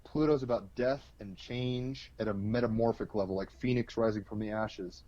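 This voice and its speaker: A man on as an astrology guest, telling an animated, rambling story, heavy with fillers. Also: fairly low pitch, normal speed, no room sound, lo-fi sound. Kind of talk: casual storytelling explanation.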